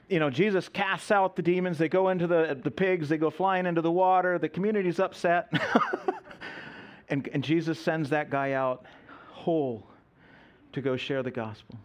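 A man's voice: fairly high pitch, normal speed. A man preaching, telling a mission story and acting out the voices of the people in it. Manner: animated storyteller, acts out quoted voices. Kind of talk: sermon storytelling.

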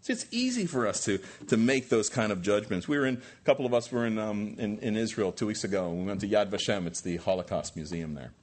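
Male pastor, husky voice, lively swooping delivery, preaching with emphatic rhetorical questions. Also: on the low side, fast talker, few pauses. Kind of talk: sermon.

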